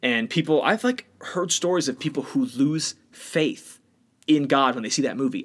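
A blunt, opinionated man chatting casually on a podcast. His voice has an ordinary, middle pitch, and he lectures a little, with lively swings from loud emphasis to quiet, low asides. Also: moderate pace. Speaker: podcast co-host.

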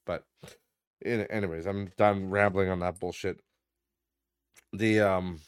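A man's voice: deep voice, clear, resonant tone, dry recording, clean studio sound. A man hosting a podcast, ranting bluntly and profanely with lots of fillers. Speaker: podcast host. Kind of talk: casual ranting podcast monologue.

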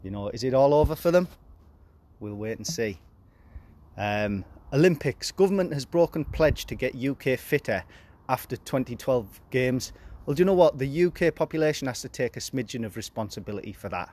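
A man in his forties hosting a casual podcast, reading news headlines aloud with deadpan, sarcastic asides. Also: mid-range voice, normal speed. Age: 40s. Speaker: podcast host.

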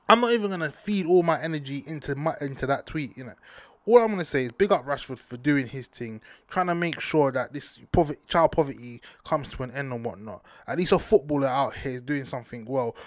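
A man talking straight to camera in a casual rant, heavy with slang and worked up, hammering points home by saying them twice. His voice sits in an ordinary middle pitch. The sound is dry and close, with no room around it. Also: no room sound. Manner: slangy, heated, repeats himself for emphasis. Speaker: vlogger. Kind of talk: casual ranting commentary to camera.

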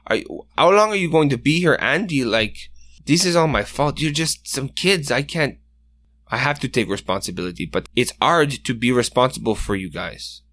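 A man voicing a remorseful, nervous male monster-hunter mentor in a tabletop game, speaking in halting apologies. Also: medium pitch, animated, fairly bright tone, no room sound, voice pushed up. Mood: guilty, nervous. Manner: apologetic, halting, guilt-ridden.

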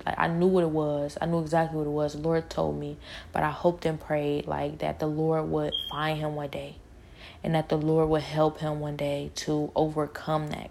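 A woman sharing an earnest spiritual testimony, her voice low and gravelly with a flat, steady pitch. She often repeats phrases for emphasis, and faint noise sits behind her. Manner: earnest, emotional, repeats herself.

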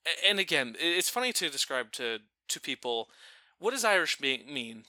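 A man telling a family story in a casual chat, animated and often breaking off to restart his sentences. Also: on the high side, normal speed, no room sound. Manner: animated, self-interrupting.

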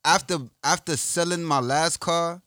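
A man's voice: fairly high pitch, steady tone, a little slow, bright, forceful tone, no echo, studio quality. A man who is a poet, guesting on a podcast and telling a joking, slangy story in casual chat.

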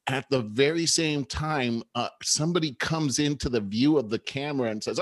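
A man hosting a talk show, telling political stories in a measured, conversational way. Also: medium pitch, no room sound. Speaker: show host. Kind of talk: casual political commentary.

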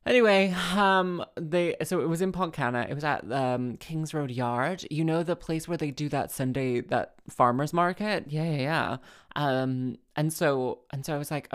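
With a low, clear, resonant voice at a normal speed, a podcast host talks casually on her own show. She comes across as tired, rambling and restarting her phrases while poking fun at herself.

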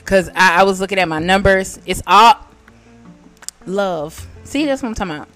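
A woman hosting her own podcast in a rambling, profane monologue, laughing at her own jokes and jumping between loud bursts and quiet asides. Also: moderate pace, faint music behind. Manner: big swings in loudness and pitch, bursts of shouting. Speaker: podcast host. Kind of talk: casual solo podcast monologue.

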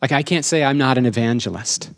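This is a sermon from a middle-aged man, a pastor who is animated and emphatic throughout. Key lines get a slower delivery and a rising pitch, and he keeps asking the congregation for amens.

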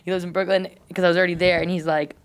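A woman's voice: lowish voice, little pitch movement, rapid-fire. Young woman telling a rambling story. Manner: rambling, acts out quoted lines. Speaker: podcast co-host. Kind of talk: casual storytelling chat. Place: studio.

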